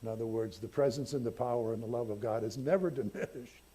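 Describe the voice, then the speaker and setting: Older man, pastor, chatty sermon storyteller with a breathy, mellow voice. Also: mid-range voice. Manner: conversational, self-deprecating, halting restarts. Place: church sanctuary.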